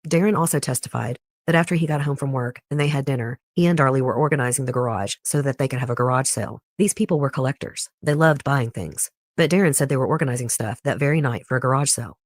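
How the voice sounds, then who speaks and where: A true crime host reads the case from a script, steady and measured, and breaks off now and then for sharp personal remarks. The voice sits at a middling pitch and sounds close and dry, with almost no room around it. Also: dry recording. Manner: measured storytelling with pointed personal asides.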